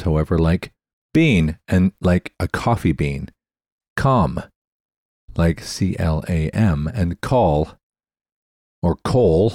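A man's voice: deep voice, a little mellow, no room sound, studio quality. A man hosting a tech podcast in a chatty, explanatory way, often spelling words out letter by letter. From Canada. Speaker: podcast host. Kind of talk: casual explanatory podcast talk.

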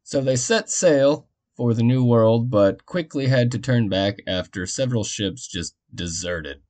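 A man's voice: mid-range voice, a little slow, a little mellow. A man hosting a history storytelling podcast, narrating casually with jokey, rambling asides and muttered side remarks.

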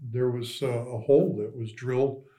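An older man telling local history stories in a casual, animated way, voicing the people in his anecdotes. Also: mid-range voice, normal speed. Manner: animated anecdotes, quoting voices. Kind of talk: casual storytelling.

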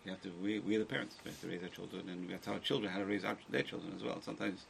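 An older man teaching a religious class, lecturing a small group in an animated way with restarts and asides. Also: low voice, very fast, gravelly, a little hiss or hum.

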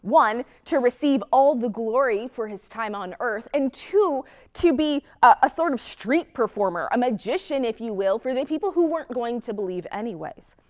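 A woman's voice: a little high, lively intonation, normal speed, hardly any pauses. A woman preacher giving a sermon, earnest and reflective, often asking the listener rhetorical questions.

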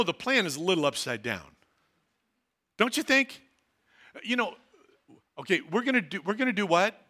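A man, a pastor, preaching a sermon in a church, swinging from loud declarations to quiet, low asides. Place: church hall.

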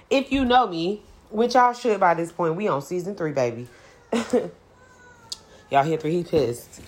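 Woman podcast host, low voice, playful and profane, laughs a lot. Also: slight background noise. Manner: chatty and playful, laughs often, swears casually. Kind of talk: casual solo podcast chat.

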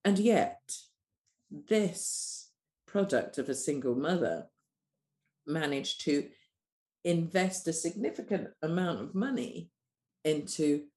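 A woman's voice: low-pitched, slow, long pauses, echoey room. A woman, a doula and coach, speaking bluntly and passionately in a candid podcast conversation. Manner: blunt, passionate, sweary, animated.

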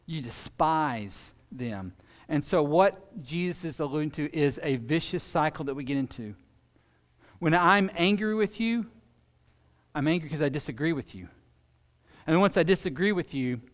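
A man preaching a sermon as pastor, swinging between loud emphatic stretches and quiet, intense ones. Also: on the high side. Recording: long reverb of a large hall.

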